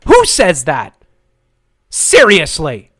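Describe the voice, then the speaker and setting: A man rants through a live commentary stream, angry and sarcastic, and he circles back to the same phrases again and again. His voice sits a little high for a man. It is picked up on a close, dry mic with almost no room sound. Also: wildly swooping pitch, extremely slow, a bit bright, no echo. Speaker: livestream host.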